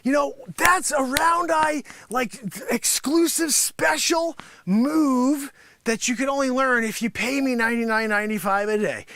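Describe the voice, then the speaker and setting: A man playing a boastful, money-grubbing karate sensei who scolds his class and breaks into shouts. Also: very high-pitched, unhurried, vocal fry, no room sound, clean studio sound, exaggerated voice. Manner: bragging, scolding, swings into shouts. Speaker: livestream host. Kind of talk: improvised comedy character bit.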